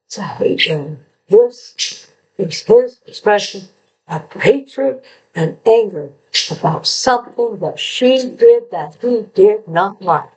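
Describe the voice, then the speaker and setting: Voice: medium pitch, animated, slow pace, a little mellow, rough recording. A true crime commentator analysing a confession letter, who lectures with emphasis and asks rhetorical questions.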